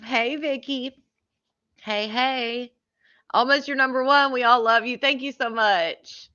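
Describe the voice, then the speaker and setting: Woman live-stream host, chatty, bright sharp voice, a little high, dull lo-fi sound. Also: slow. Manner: chatty, greeting viewers one by one. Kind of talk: casual live-stream chat.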